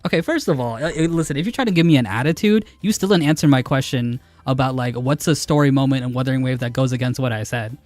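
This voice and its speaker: A man's voice: mid-range voice, animated, quick pace, few pauses, a little mellow, dry recording, faint music behind. A man streaming a game who argues with his chat, laughing as he challenges them again and again to give him an example. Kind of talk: live stream chat reply.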